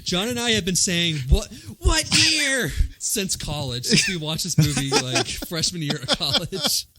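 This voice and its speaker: A man's voice: a little high, sing-song, normal speed, bright, forceful tone, soft background music. A young man co-hosting a podcast in casual chat, laughing easily as he recaps a film's plot. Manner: laid-back, recaps the plot, laughs often. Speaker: podcast co-host.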